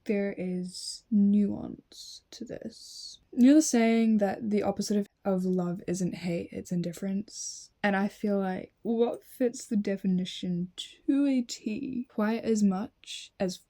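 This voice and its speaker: A woman reading online posts aloud and adding blunt, candid commentary, sometimes dropping into a hushed half-whisper. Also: medium pitch, a little slow, few pauses. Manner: blunt, candid asides with swearing.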